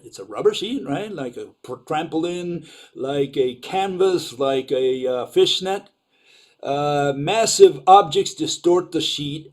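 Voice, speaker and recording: A man's voice: fairly high pitch, a little mellow. A man giving an informal, sarcastic lecture over slides, questioning ideas and using lots of fillers.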